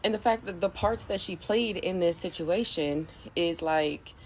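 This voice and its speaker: A woman's voice: lowish voice, a little slow, a little mellow, slight background noise. A young woman venting tearfully to her phone at home, blunt, profane and rambling. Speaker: social media vlogger. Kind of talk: emotional venting vlog. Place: at home early morning.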